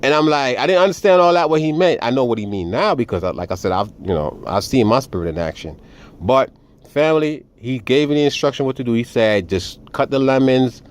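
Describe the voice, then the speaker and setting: A man telling a personal story in a casual, animated and profane way, often calling his listeners "family". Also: mid-range voice, fast talker. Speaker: vlogger.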